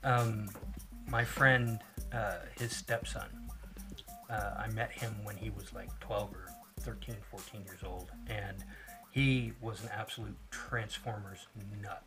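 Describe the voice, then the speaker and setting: Rambling lower-voiced man, casual show chat. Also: slow, over music. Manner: rambling, animated storyteller with many restarts. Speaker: podcast co-host.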